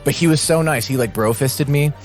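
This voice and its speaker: A man's voice: on the high side, fairly quick, soft background music. A man co-hosting a podcast, rambling through an anecdote and laughing as he talks. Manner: rambling storyteller, laughs mid-sentence. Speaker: podcast co-host. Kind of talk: casual chat.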